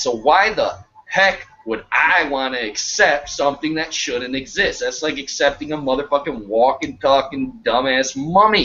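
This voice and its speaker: A man ranting crudely on a live online show, loud and boastful, swinging between shouting and muttering over a video call. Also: on the high side. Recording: muffled lo-fi online call audio with faint hiss.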